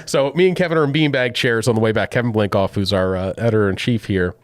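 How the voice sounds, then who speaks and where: A man hosting a podcast, chatting casually and telling a self-deprecating story in a relaxed way. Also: fairly low pitch, fast talker. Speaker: podcast host. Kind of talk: casual chat. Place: podcast studio.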